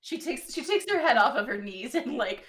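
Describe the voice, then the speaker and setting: A woman's voice: high-pitched, expressive, moderate pace, a bit bright. A woman playing a tabletop game, describing her character's actions with lots of fillers. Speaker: player.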